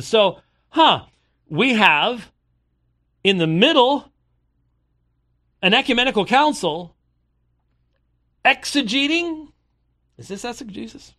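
A man's voice: high voice, bright, forceful tone. An older man preaching, reading long quoted passages and breaking off with pointed rhetorical questions and sarcastic asides. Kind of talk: sermon reading aloud from historical sources.

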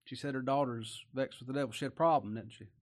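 A man's voice: mid-range voice, steady tone, fast talker. A man preaching a folksy sermon, often asking rhetorical tag questions and chuckling.

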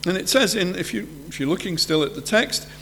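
A man with a high voice delivers an earnest sermon. He reaches even higher when he acts out a terrified figure. His words ring out with a long hall reverb behind them. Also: brisk, slight background noise. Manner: earnest, rises high to act out quoted fear. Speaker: preacher.

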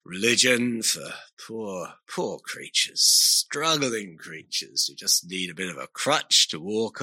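A man preaching a sermon in a measured, earnest way, with frequent hesitations and emphatic repetition. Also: on the low side, sharp tone, slightly rough, dry recording.

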